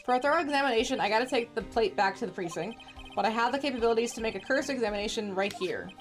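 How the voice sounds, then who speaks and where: A woman's voice: a little high, very fast, faint music behind, natural voice. A woman voicing a bumbling, good-natured male police detective from a video game, who calls everyone pal as she reads the part aloud. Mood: earnest.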